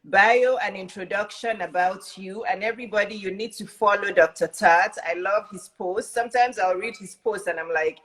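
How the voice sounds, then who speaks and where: A woman hosts a live-streamed talk show from her home, talking around a cough drop in her mouth. She greets and welcomes everyone again and again in a chatty, repetitive way. Her voice sits at a middle pitch for a woman. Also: moderate pace, few pauses, fairly bright tone, rough recording. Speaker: host.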